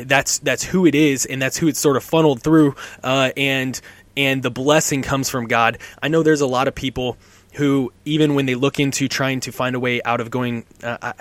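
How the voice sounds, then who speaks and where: A man, a pastor co-hosting a podcast, explaining his view earnestly and haltingly, restarting his sentences often. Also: mid-range voice, fairly bright tone, no room sound. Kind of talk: casual podcast discussion.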